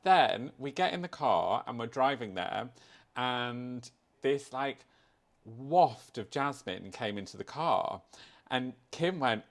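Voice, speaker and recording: A man's voice: mid-range voice, animated, slow pace. Playful gossipy man podcast co-host. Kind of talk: casual chat.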